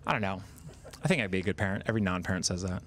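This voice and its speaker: A man's voice: deep voice, racing, a bit bright. A man in his thirties doing a stand-up comedy set on stage, conversational and self-deprecating, with lots of fillers. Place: live comedy stage, in front of an audience.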